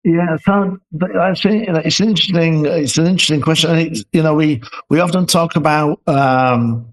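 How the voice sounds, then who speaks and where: A man's voice: fairly high pitch, moderate pace, low-quality recording. A man co-hosting a podcast as a leadership expert, talking casually with fillers and restarts. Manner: conversational, many fillers and restarts.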